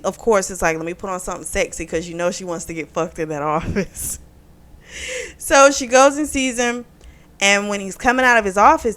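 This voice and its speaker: A woman's voice: on the low side, a bit bright. A woman casually recapping a romance novel's plot, talking frankly with plenty of profanity and frequent laughs. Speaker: book reviewer. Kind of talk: casual spoken book recap.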